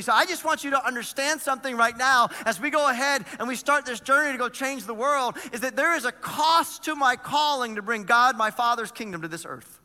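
High bright-voiced preaching pastor, man. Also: in a large hall. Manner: energetic, animated preaching with paraphrased dialogue. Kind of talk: sermon.

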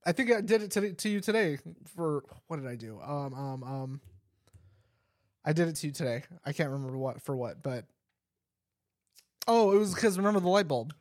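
A man's voice: on the high side, animated, normal speed, long pauses, no echo, studio quality. A young man co-hosting a podcast, telling a story in a rambling, casual way with lots of "like" and frequent laughter. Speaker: podcast co-host. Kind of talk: casual chat.

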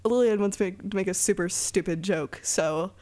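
A woman's voice: medium pitch, normal speed, dark tone, dry recording. A young woman co-hosting a podcast, dropping dry, teasing remarks in casual banter. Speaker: podcast co-host.

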